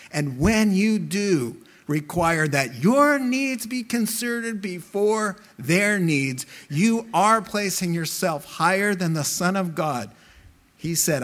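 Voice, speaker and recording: A middle-aged male pastor preaching a sermon, telling stories in an animated, emphatic way. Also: high-pitched, slow pace.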